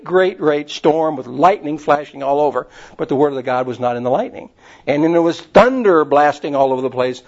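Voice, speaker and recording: Male preacher, folksy rambling storyteller, slightly high voice, muffled lo-fi recording. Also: darkish tone. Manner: folksy and rambling, with many fillers. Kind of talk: casual sermon storytelling.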